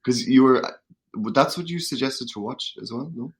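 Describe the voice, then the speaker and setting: A man from Ireland, a podcast guest in casual chat, talking in a measured, hesitant way. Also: medium pitch, crowd noise.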